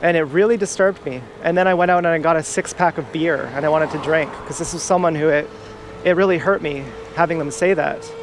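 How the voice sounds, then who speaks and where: Walking around a town, a vlogger tells a personal story outdoors in a rambling, confessional way, swearing freely. His fairly high voice moves briskly, with faint urban traffic behind him.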